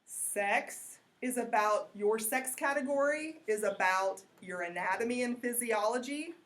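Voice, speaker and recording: A woman's voice: fairly high pitch, a little slow, fairly bright tone, distant mic. A woman teacher giving a casual lecture to her class, asking questions and drifting into tangents. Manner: conversational, asks the class questions, goes off on tangents.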